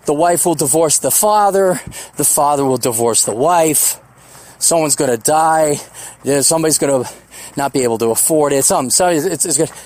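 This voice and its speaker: A man's voice: fairly high pitch, a little mellow. A man in his forties hosting a solo podcast, rambling in a profane, reflective way. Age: 40s. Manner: rambling, profane, reflective, mocks others in quick put-on voices. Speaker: podcast host.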